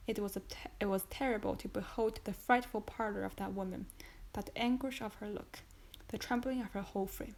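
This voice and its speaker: A woman narrating a classic novel in a measured, dramatic audiobook reading. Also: medium pitch, fairly even intonation, creaky.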